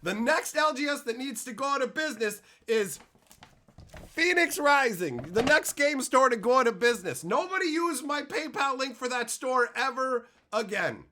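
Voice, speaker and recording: A man live-streaming a card pack opening, reading chat and going off on loud, profane, mock-angry rants. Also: very high-pitched, animated, moderate pace.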